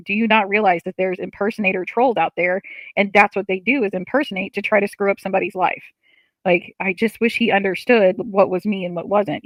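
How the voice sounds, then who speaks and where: A woman with a mid-range voice hosts a laid-back livestream while seated at home. She reads viewer comments out loud and answers them in a chatty, open manner, using many fillers and laughing often. The recording is rough, though there's no echo.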